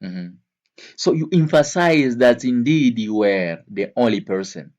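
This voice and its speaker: A man teaching English vocabulary to learners, speaking slowly and repeating each word and example several times. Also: mid-range voice, expressive, darkish tone, muffled recording. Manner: slow, repeats words and examples.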